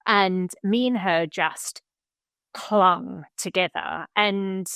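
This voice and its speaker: Woman guest on a podcast, blunt and straight to the point, dry close sound, mid pitch. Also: very slow, vocal fry, a bit bright, clean tone, dry recording. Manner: blunt, matter-of-fact. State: widowed, remarried. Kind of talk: frank conversational podcast talk.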